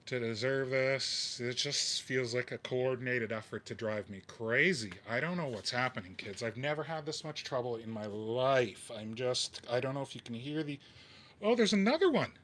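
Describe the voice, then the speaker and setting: A man's voice: mid-range voice, normal speed, few pauses, sharp tone. Weary, exasperated man venting at his workbench. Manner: weary, sighing, repeats himself in frustration. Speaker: guitar modding channel host. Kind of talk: exasperated live vlog. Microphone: camera mic at a workbench.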